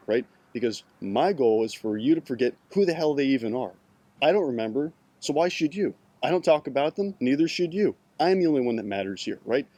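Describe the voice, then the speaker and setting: Male podcast host, mid-pitched voice, emphatic, swears freely, motivational business rant. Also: a little mellow, husky. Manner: casual, profane, keeps asking "right?"; emphatic, many restarts.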